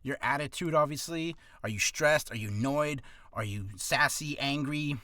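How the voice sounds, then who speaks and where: Man, aspiring voice actor, casual rambling tips, self-deprecating, bright tense tone. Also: on the high side, no echo. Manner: rambling, self-deprecating, breaks into quick voice demos. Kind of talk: casual talk explaining voice acting tips.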